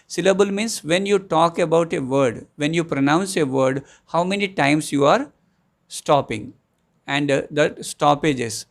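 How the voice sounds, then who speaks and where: A man teaching a grammar lesson, speaking slowly with many fillers and repeating each word to show its syllables. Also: a little high, vocal fry. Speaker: English teacher.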